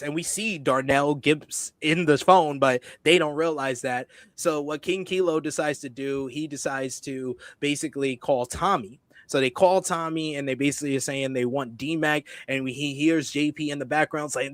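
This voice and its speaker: A man co-hosting a TV review show, recapping an episode in a casual, animated way and acting out the characters' lines. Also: a little high, moderate pace, few pauses, no room sound.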